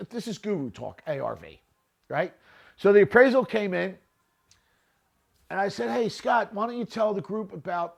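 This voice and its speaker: A man's voice: high-pitched, vocal fry. A middle-aged man hosting a real estate podcast, giving blunt, profane, unscripted commentary and often tagging his points with "okay?". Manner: grows louder and more heated, shouting at times.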